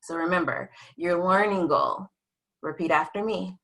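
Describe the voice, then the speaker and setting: A young adult woman teaching a writing lesson to young children in a slow, expressive, sing-song teacher voice. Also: fairly low pitch, rough recording.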